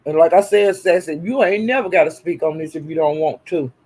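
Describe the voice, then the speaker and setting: High-pitched profane man ranting casually. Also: a little fast, breathy edge. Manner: animated, profane, repeats phrases for emphasis. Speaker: online commentator. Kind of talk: casual livestream commentary.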